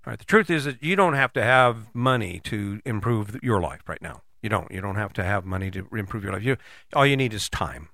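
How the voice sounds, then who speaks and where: Bright-voiced man giving motivational talk. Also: on the low side, fairly quick, gravelly, dry recording, studio quality. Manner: direct, coaching, addresses listener; animated, acts out imagined dialogue. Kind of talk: motivational monologue.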